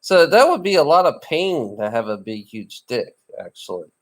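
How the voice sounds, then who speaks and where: Man, casual chat, teasing, rambling, repeats himself, average pitch. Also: sing-song, normal speed.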